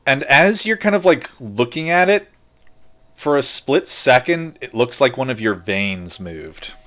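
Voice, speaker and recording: A man's voice: medium pitch, expressive, sharp tone. A man running a tabletop game as game master, narrating in a loose way full of fillers. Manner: loose, filler-heavy narration with quick bursts.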